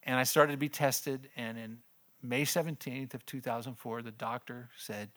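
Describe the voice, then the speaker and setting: A man's voice: steady tone, normal speed, a bit bright. An older man, a pastor and missions speaker, giving a conversational personal testimony and laughing often as he tells it. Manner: conversational storytelling, laughs often, voice drops low in heavy moments.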